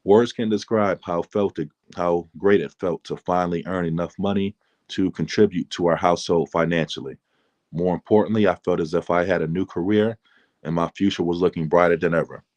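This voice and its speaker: A man, the author, reading aloud from his memoir in a calm, measured way. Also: sits low, no room sound.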